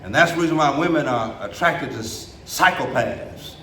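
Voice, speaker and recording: A middle-aged male pastor preaching a sermon in a church, talking in a loose, colloquial way and swinging from low, quiet stretches up to shouted peaks. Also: lively intonation, normal speed, recorded from a distance, a little hiss or hum. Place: church sanctuary. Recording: echoey room, preacher off the mic.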